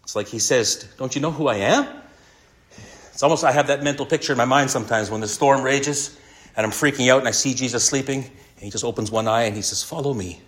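A man preaching a sermon earnestly, slowing down and repeating key lines for emphasis. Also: mid-range voice, fairly bright tone. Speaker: pastor.

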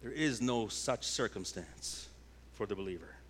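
A pastor preaching a sermon, a man whose delivery swings between loud, emphatic declarations and hushed, intense passages. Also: fairly low pitch, lively intonation, measured pace.

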